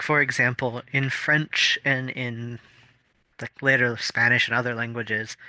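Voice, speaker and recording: A man's voice: medium pitch, bright, forceful tone, no echo. A man co-hosting a casual podcast, explaining things thoughtfully with fillers and restarts. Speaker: podcast co-host. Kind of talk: casual chat.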